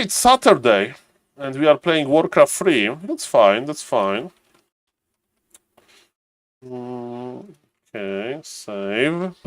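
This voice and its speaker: Waiting on a match, the streamer and caster greets viewers by name and thinks aloud in relaxed live-stream chat. His medium-pitched voice has a fairly bright tone, recorded without room sound.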